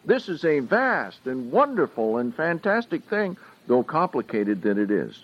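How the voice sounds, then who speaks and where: A man's voice: on the high side, big pitch swings. A man teaching a Bible study verse by verse, often putting questions to his listeners. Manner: slow and questioning, asks the audience often. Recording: dull lo-fi recording.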